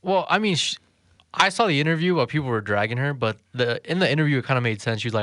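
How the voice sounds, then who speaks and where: A young man co-hosting a casual podcast, joking in quick banter. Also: medium pitch, animated, fairly bright tone, dry recording, studio quality. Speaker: podcast co-host. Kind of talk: casual chat.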